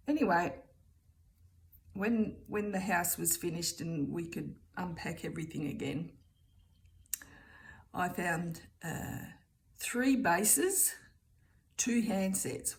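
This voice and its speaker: A woman's voice: lowish voice, gravelly. A middle-aged woman with an Australian accent telling a rambling story in a chatty, casual way. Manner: chatty, rambling, keeps returning with "anyway". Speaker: vlogger.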